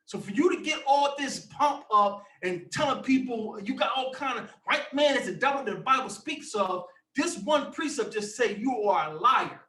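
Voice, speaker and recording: Forceful man preaching loudly, high bright tone, heard off-mic in a reverberant room. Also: animated, normal speed, hardly any pauses, distant mic. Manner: forceful, preachy, bursts into shouting. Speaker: teacher leading a religious discussion. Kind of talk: fiery preaching.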